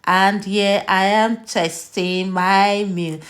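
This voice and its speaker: Slow-talking woman hosting a cooking vlog. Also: medium pitch, fairly even intonation. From Nigeria. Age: adult, mother. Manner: slow, chatty, tastes food on camera and laughs. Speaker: cooking channel host. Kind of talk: casual cooking vlog narration.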